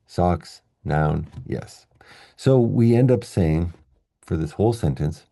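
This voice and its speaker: A man's voice: deep voice, lively intonation, slow, vocal fry, warm tone, no echo, studio quality. A man teaching English pronunciation, patiently explaining a lesson and spelling out each word in turn.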